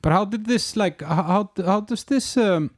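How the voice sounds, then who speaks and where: A man hosting a podcast, asking long, halting questions full of restarts. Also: sits high, dry recording, clean studio sound. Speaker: podcast host, interviewer. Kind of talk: conversational interview.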